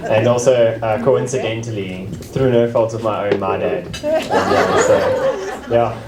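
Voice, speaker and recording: A man's voice: on the low side, unhurried, echoey room, recorded from a distance, a crowd in the background, rough recording. A young man, the bride's brother, introducing the speakers at a wedding with hesitant, joking asides. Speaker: master of ceremonies, bride's brother. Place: wedding reception hall.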